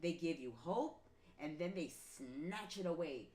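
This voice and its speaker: A woman's voice: low voice, animated, a little slow, mellow. A woman reading tarot for her viewers, talking emphatically and repeating herself like a preacher. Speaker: tarot reader. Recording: roomy with faint ambient noise.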